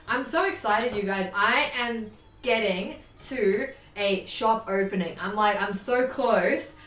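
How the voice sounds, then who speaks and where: A woman's voice: medium pitch, fairly bright tone. A young woman chatting casually on a live stream, bubbly and chatty, swearing freely. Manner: bubbly, chatty, swears casually, baby-talks to her dog. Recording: echoey room, mic at a distance.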